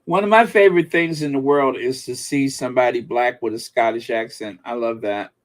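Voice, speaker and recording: A man's voice: medium pitch, brisk. A man hosting a casual live stream, chatting in a musing way and reading out viewer comments, with many fillers and restarts.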